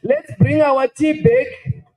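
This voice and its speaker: High-voiced Zimbabwean MC over music. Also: male voice, little pitch movement, slow pace, a little mellow, poor audio. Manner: coaxing, chatty appeals to the room. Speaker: event MC. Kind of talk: calling people back to a formal event. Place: hotel conference room with music playing.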